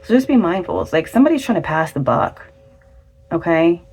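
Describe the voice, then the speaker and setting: A woman talks through a pick-a-card tarot reading in a relaxed, slangy way, dropping in little affirmations as she goes. Her voice sits low for a woman. A faint background noise runs under the recording. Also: fairly quick. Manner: chatty and slangy, with frequent fillers and affirmations. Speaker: tarot reader.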